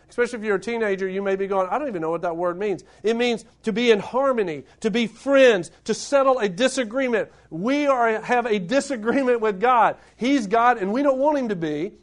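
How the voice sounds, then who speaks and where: A middle-aged man, preaching a sermon to his congregation, building up to emphatic points and putting questions to them. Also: high-pitched. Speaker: pastor.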